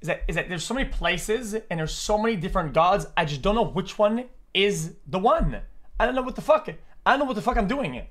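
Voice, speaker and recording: A young man with a high voice talks fast through a live reaction stream. He rambles, swears often and repeats words while he works out his point. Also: lively intonation.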